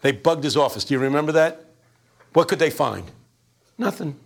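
Lecturer, animated delivery with lively pitch swings and a gravelly edge, rhetorical questions. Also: male voice, a little fast. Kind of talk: classroom lecture.

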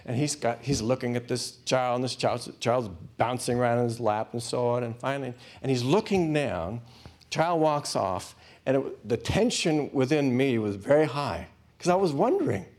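A man preaching, telling a personal story, swinging between loud bursts and hushed asides. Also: mid-range voice, lively intonation, normal speed. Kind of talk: sermon storytelling.

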